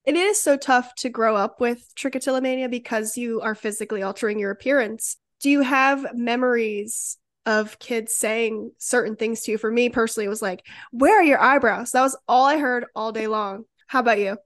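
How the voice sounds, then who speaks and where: Outspoken woman host, fairly high voice. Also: fairly even intonation, a little fast, few pauses, no room sound, studio quality. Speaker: podcast host. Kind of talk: interview conversation.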